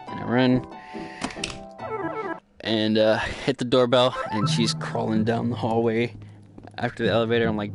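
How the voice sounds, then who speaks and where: A man's voice: mid-range voice, little pitch movement, normal speed, vocal fry, long pauses. A young man hosting a gaming channel, rambling through a joking, swearing recap of a horror game. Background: music.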